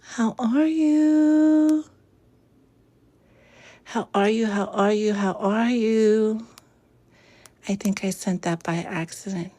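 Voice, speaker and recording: A woman hosting a spiritual livestream, greeting viewers by name with drawn-out hellos and slipping into soft whispered affirmations. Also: medium pitch, fairly even intonation. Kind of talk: casual livestream chat.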